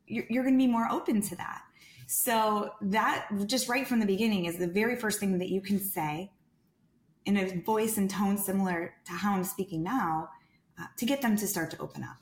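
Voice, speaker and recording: Calm, deliberate woman in a roomy space. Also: mid-range voice. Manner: calm, deliberate, soothing delivery. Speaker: sales director, guest. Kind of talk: podcast interview answers. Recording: roomy echo.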